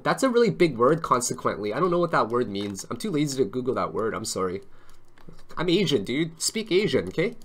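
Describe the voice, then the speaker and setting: A man hosting a casual live market-commentary stream who rambles, jokes and often cuts himself off mid-sentence. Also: fairly high pitch. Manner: rambling, joking, self-interrupting. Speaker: livestream trading host.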